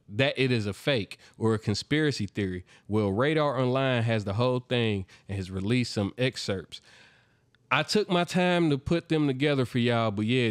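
A young man hosting a podcast in casual chat, loud and swearing freely as he reads excerpts aloud. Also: mid-range voice, clear, resonant tone, no echo, clean studio sound. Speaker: podcast host.

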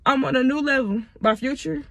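A young woman from Michigan giving a casual tarot reading to her viewers, swearing freely and calling them y'all. Her voice sits a little high, and she is a bit under the weather. The sound is dry and close, with no room around it. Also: a little fast, no echo. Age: 20s. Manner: blunt, profane and chatty, addressing viewers as y'all. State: sick. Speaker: tarot reader.

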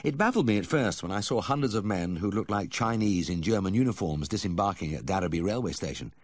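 A man narrating a first-person memoir audiobook in a measured, expressive storytelling manner. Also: on the low side, dry recording, clean studio sound.

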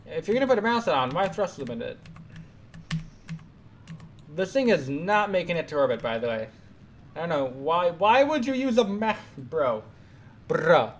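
A young man streaming live gameplay and chatting with viewers, excitable and suddenly louder when something happens. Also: fairly high pitch, normal speed, pauses often, slight background noise.

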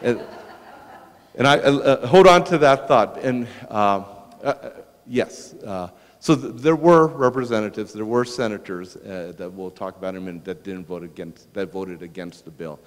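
A man with a fairly low voice tells a story to a museum audience, lively and anecdotal, often checking in with the crowd. His voice carries a long reverb from the large hall. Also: normal speed. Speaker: museum lecturer. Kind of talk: storytelling public lecture.

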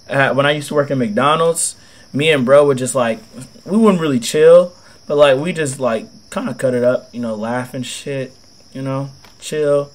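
A young man with a cold, telling a rambling, slangy, swear-filled story in casual gameplay commentary. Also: mid-range voice. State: has a cold. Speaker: gaming video host.

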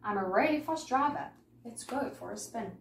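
Lady reading as a cocky bragging scarecrow guy, storybook, lively voice, echoey room. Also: on the high side, normal speed. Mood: boastful. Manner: swaggering, bragging. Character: boastful show-off male scarecrow. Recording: echoey room, mic far off, faint noise.

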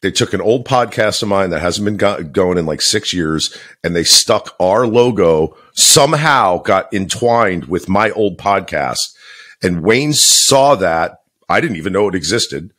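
A man's voice: low voice, lively intonation, unhurried, fairly bright tone. A man, a voice actor co-hosting a podcast, chatting casually, bluntly and jokingly, swearing freely.

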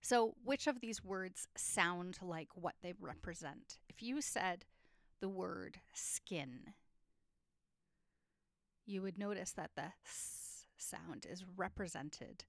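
A woman teaching a lesson on poetry structure, explaining clearly and reading poems aloud with feeling. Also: fairly low pitch, lively intonation, slow pace, no echo, studio quality.

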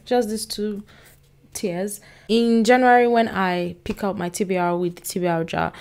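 Chatty woman rambling to camera. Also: mid-range voice. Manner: chatty, rambling, with excited bursts and quiet trailing asides. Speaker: book vlogger. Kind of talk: casual chat to camera. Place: indoors at home by a bookshelf. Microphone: on-camera mic.

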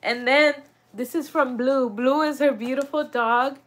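Chatty high-voiced woman streaming live. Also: fairly even intonation, unhurried, a bit bright. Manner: chatty and emotional, laughs often, talks to viewers directly. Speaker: vlog host. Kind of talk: casual live-stream chat.

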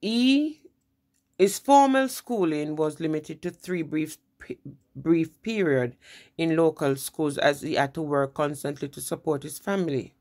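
A woman's voice: low voice, a little slow, darkish tone. A woman giving an informal history lesson in a conversational way, often restarting phrases. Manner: conversational, with frequent restarts and "you know". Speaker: presenter.

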